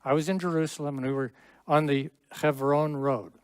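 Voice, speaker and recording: A man's voice: on the high side, fairly even intonation, moderate pace, smooth, no echo. A middle-aged man teaching a Hebrew class in a classroom, explaining at length with friendly asides and small jokes. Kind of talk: classroom lesson.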